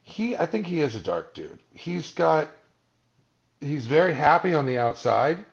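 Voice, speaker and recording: Speaking at a measured pace in a fairly high, creaky voice, this Malibu, California man is a guest on an interview. He tells stories in a casual, lively way, performing the voices of anyone he quotes. The recording is dull.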